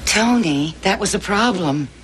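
A woman's voice: medium pitch, a little slow, a little hiss or hum, close to an everyday voice. An actress playing an older woman, a pushy, doting neighbor who teases and feeds her guests, in a sitcom. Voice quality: animated, teasing delivery. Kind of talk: sitcom acting.

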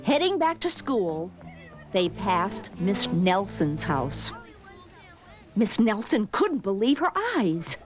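A woman reading a children's storybook aloud, expressive and deliberate. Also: medium pitch, soft background music.

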